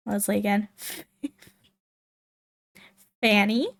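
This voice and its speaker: A woman's voice: fairly high pitch, slow, long pauses. A young woman streamer chatting casually and rambling aloud while she plays a game, with frequent giggles. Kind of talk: casual livestream chat while playing a game.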